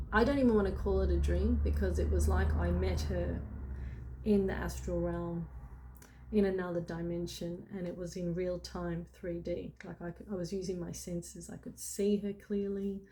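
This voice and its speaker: A woman's voice: on the low side, warm tone. A middle-aged woman telling a personal story in a casual, chatty way, full of "like" and "you know". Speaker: spiritual channel host.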